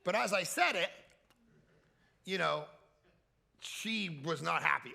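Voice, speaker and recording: A man preaching a lively camp sermon, telling stories and swinging from quiet asides to loud, high-pitched peaks. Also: takes it slowly, gravelly, long pauses. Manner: animated storytelling with shouted high peaks. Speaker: pastor. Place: camp meeting hall.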